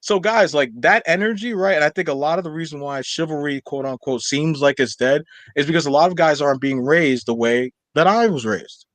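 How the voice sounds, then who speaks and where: A man's voice: fairly high pitch, a little fast, hardly any pauses, no room sound. A young man co-hosting a podcast in casual chat, talking animatedly and rambling with lots of fillers. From Nigerian household. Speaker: podcast co-host.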